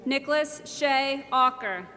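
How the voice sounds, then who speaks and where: Speaking into a podium mic, a woman with a high voice reads graduates' names one at a time at a commencement, unhurried and measured. Slight background noise is present, and the large ceremony hall is echoey with loud crowd sound.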